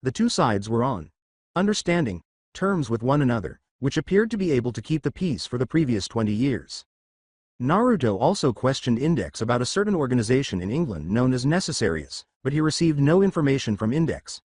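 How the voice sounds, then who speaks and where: Male narrator for fan fiction, lively pitch, dry close sound. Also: fairly quick, no echo.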